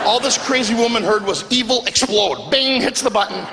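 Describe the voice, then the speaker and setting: A Canadian man working a stand-up set, his voice high and sharp and edged with gravel. He tells stories in an excitable, animated rush. The sound carries the long echo of a live hall. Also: fairly quick, hardly any pauses, slight background noise. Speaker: stand-up comedian. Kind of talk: stand-up comedy routine. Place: comedy club stage, live show.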